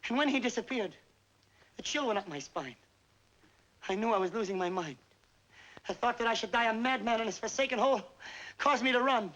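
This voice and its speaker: A man's voice: very high voice, brisk, pauses often, fairly bright tone, low-quality recording. An actor playing a self-mocking male entertainer just home from army service, telling a wry story with comic timing in a 1950s film stand-up monologue. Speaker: stage entertainer.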